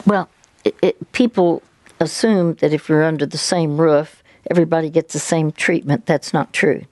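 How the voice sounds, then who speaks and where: Brief: measured woman advice host, mid pitch, dry close sound. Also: no echo. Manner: calm, measured, guiding questions. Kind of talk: call-in advice radio.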